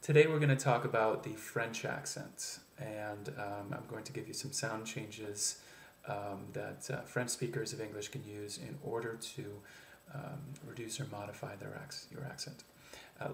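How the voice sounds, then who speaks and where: A man teaching pronunciation as an accent coach, explaining step by step with many "um" pauses and spoken demonstrations. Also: on the low side, fairly even intonation, gravelly, a little hiss or hum. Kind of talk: instructional video lesson. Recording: echoey room, faint ambience.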